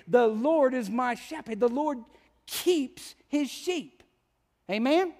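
A man's voice: very high voice, expressive, unhurried, a little mellow, long reverb tail. A man preaching a sermon as pastor, talking conversationally and often asking the congregation questions. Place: church sanctuary.

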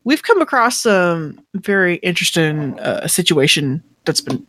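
A woman's voice: lowish voice, very animated, unhurried, a bit bright, dry recording. A woman playing a tabletop game, speaking hesitantly with many fillers. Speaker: player. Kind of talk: tabletop role-play.

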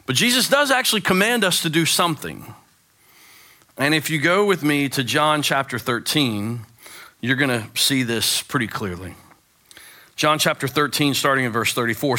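A man in his forties, a pastor giving a sermon with animated, joking storytelling. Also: mid-range voice, moderate pace. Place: church sanctuary.

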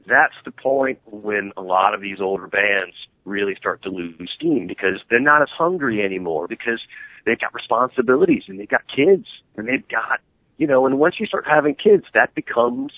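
Heard over a tinny, phone-like line with a dry sound, a middle-aged man with a mid-range voice is the guest in a casual interview. The guitarist and band member rambles animatedly, restarting many times.

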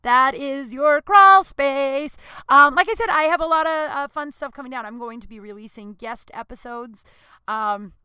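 A woman's voice: mid-range voice, a bit bright, no echo, clean studio sound. A young adult woman hosting her own podcast, telling candid stories in a rambling way with many ums and self-deprecating asides. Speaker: podcast host. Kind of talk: casual solo podcast storytelling.

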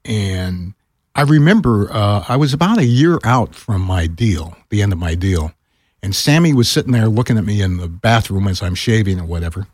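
Older man, retired broadcaster. Lively storyteller with a slightly raspy voice, recorded dry. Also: normal speed, dry recording. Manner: animated, acts out quoted voices with pitch jumps. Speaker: podcast guest, retired radio broadcaster. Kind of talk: casual storytelling.

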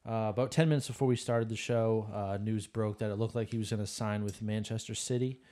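A man's voice: on the low side, fairly even intonation, fairly quick, dark tone. A man co-hosting a sports podcast, talking bluntly and emphatically and repeating himself. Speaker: podcast co-host. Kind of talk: casual chat.

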